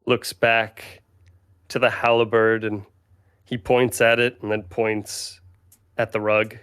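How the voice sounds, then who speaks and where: A man narrating as game master of a tabletop game in a relaxed, rambling way. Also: fairly low pitch, slow pace, clean tone.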